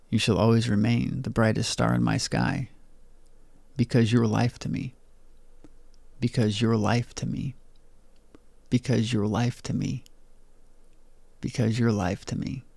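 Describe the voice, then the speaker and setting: A young man reading his own poetry aloud in a low-key, bitter spoken-word delivery. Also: creaky, mellow, no echo. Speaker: poet.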